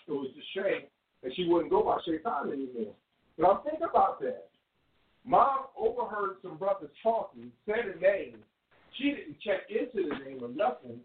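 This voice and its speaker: A male radio host with a voice that sits high, over slight background noise, tells stories in casual slang and repeats words as he goes. The sound is echoey and tinny, like a phone line, with a distant mic.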